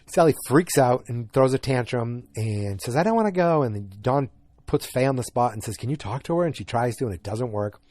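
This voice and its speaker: A man's voice: mid-range voice, normal speed, darkish tone, dry recording. A man hosting a podcast, chatting through an episode recap in a rambling way that flares into exasperation. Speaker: podcast host.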